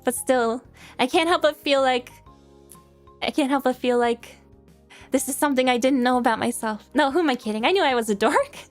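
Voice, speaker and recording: Giggly high-voiced woman streamer. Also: a little fast, soft background music. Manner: giggly, rambling, self-deprecating. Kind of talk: casual chat reading viewer questions.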